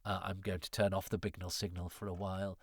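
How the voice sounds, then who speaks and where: Male podcast host, lowish voice, wry and rambling, dry close mic. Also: flat delivery, fast, no echo. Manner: chatty, self-interrupting, wry. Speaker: podcast host reading listener letters. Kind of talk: casual chat.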